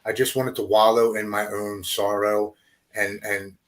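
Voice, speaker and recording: Guy with a lowish voice on a podcast, stumbles and repeats himself, tells his recovery story. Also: little pitch movement. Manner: halting, repeats words, drops quiet at hard moments. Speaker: podcast guest.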